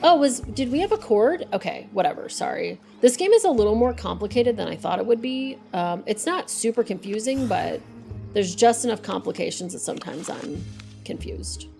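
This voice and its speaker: A woman's voice: medium pitch, animated, moderate pace, gravelly, mellow, soft background music. A woman streaming a game live, chatting and thinking aloud with many fillers.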